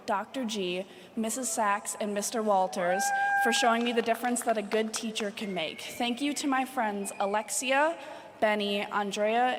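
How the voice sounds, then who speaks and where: Young woman, earnest graduation speech, long hall reverb with faint noise behind. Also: mid-range voice. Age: young adult. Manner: earnest, heartfelt. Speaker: graduating student speaker.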